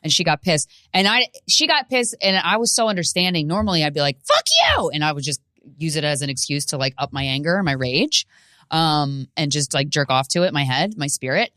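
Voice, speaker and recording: Low-voiced woman doing a comic monologue. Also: a little fast, dry recording, clean studio sound. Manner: profane, rambling, animated with sudden shouted bits. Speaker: podcast host and stand-up comedian. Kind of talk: solo comedic monologue.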